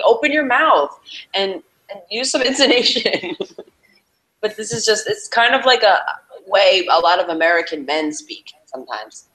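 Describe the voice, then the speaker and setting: Give me a young female English teacher with a low voice, talking casually and lively with a student. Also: low-quality recording. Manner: chatty, lively intonation, says she changes tone all the time. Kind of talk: casual conversation lesson.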